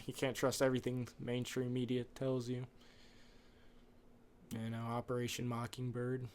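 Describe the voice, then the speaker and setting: A man's voice: medium pitch, a little mellow. A man hosting a podcast, rambling off script through an opinionated casual monologue. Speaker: podcast host.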